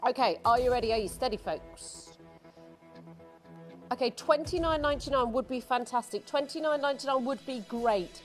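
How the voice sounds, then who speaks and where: A woman's voice: sits high, normal speed, faint music behind. A woman hosting a live TV shopping show, selling jewelry in chatty, self-mocking patter while congested and throaty from hay fever. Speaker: shopping channel host. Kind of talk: live TV sales presentation.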